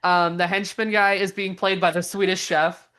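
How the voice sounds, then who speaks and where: Young female co-host, lower range, casual giggly banter with many restarts. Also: flat delivery, moderate pace, a bit bright. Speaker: podcast co-host. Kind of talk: casual chat.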